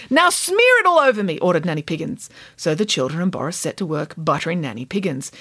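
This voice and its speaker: A woman's voice: fairly low pitch, no room sound. A woman narrates a children's book with a playful, wry touch, often turning to address the listener. Her voice moves animatedly through its range, recorded close and dry. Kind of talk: storybook read-aloud.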